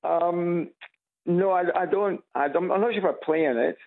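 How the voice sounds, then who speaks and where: Scottish man on a tinny phone line. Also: sits high. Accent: Scottish, Edinburgh. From Scotland. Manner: halting, with many restarts and chuckles. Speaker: radio caller. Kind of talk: phone-in chat. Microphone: phone on loudspeaker.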